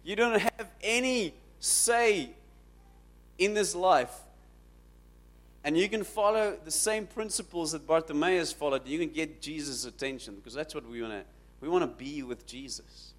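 A man's voice: a little high, moderate pace. Man preaching a dramatic sermon. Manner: dramatic, rising to shouts when quoting. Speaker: pastor.

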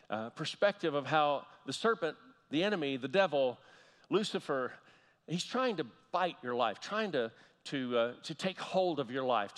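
A man preaching a sermon as pastor, telling a story and slowly repeating key phrases for emphasis. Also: fairly high pitch, fairly bright tone. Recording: long hall reverb.

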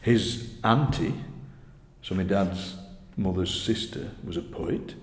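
Yorkshire man, storyteller, animated, roomy reverberant sound. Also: low-pitched, takes it slowly, a little hiss or hum. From Yorkshire, England. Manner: chatty, animated storyteller, often laughing. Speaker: poet interviewee. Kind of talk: conversational interview. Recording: echoey room with long reverb.

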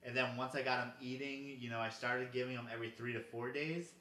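A man's voice: mid-range voice, quick pace. Easygoing man in an echoey room. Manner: relaxed, hedging. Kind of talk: casual chat.

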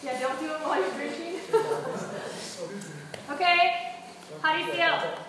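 High voiced bright lady leading a breathing class, encouraging, lots of echo, sounds far off. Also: animated, measured pace, noisy background. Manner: encouraging, instructive, asks the group questions. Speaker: yoga and breathing instructor. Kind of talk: guiding a group breathing class. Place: large echoey room with a group of young hockey players. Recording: echoey room, distant mic.

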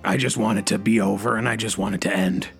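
Male comedy host, gravelly, anxious rambler. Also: lowish voice, steady tone, quick pace, soft background music. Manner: anxious, rambling, says freaking constantly. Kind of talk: improvised comedy bit.

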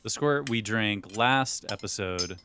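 A man's voice: fairly low pitch, takes it slowly, sharp tone, a little hiss or hum. A man co-hosting a casual podcast from a basement, explaining things in a laid-back, rambling way. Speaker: podcast co-host. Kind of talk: casual chat. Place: basement room.

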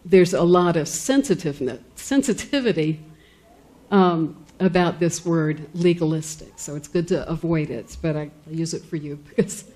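Speaking in a low, warm voice at a normal speed, a woman gives an informal classroom lecture. She's conversational, full of fillers and restarts, and acts out the people she quotes.

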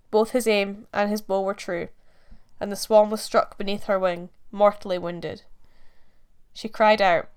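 Woman narrator, folk tale read with measured expression, crystal clear voice, mid pitch. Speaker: storyteller. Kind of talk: scripted narration.

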